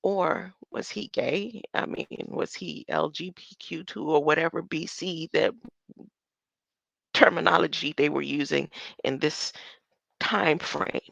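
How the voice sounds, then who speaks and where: A woman's voice: deep voice, a little slow, fairly bright tone, no echo, dull audio. A woman giving casual, laughing, mocking commentary on old recordings, talking straight to her listeners. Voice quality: gravelly.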